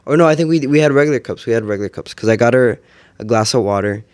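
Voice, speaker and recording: A man's voice: mid-range voice, fast talker, darkish tone, clear, resonant tone. A man who works at a piercing shop, casually recalling a rude customer in an offhand, wry way. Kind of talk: casual storytelling chat.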